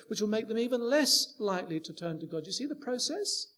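A man's voice: high voice, animated, brisk, hardly any pauses, fairly bright tone. A man preaching a sermon, talking with emphatic rises and frequent rhetorical questions to the congregation.

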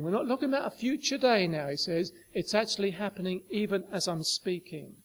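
A man's voice: sits high, a little fast, few pauses, a little hiss or hum. A man preaching a sermon, emphatic and full of rhetorical questions to his listeners.

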